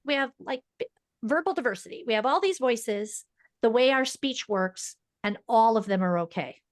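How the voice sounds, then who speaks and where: A woman who is a speech-language pathologist, speaking as a podcast guest in a fast, emphatic, teacherly way. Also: a little high, lively intonation, dry recording, clean studio sound. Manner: fast-talking. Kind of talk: podcast interview.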